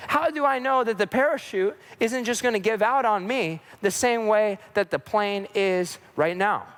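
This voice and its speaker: A man's voice: high voice, normal speed, fairly bright tone, big-room sound. A man voicing a skeptical airplane passenger who fires off challenging questions.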